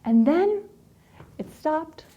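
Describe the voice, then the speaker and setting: Candid, animated woman speaker. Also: high-pitched, extremely slow, muffled recording. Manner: candid, profane, animated storyteller. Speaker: workshop speaker. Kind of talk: motivational talk to a live group.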